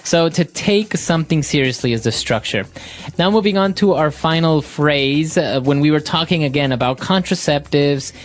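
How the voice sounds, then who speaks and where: A man's voice: fairly high pitch, moderate pace. A man co-hosting an English lesson in an easygoing way, leading each segment. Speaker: English teacher.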